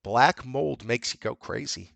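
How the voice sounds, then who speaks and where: A man hosting a podcast, recapping a movie in casual, profane, animated chat. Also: mid-range voice, unhurried, creaky, dry recording. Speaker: podcast host.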